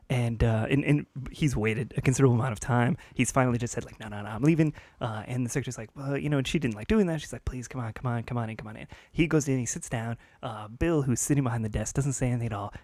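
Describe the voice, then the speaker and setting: A man on a comedy podcast telling a long story with lively energy and laughing at his own punchlines. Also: medium pitch, no room sound. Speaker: podcast co-host. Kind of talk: casual storytelling.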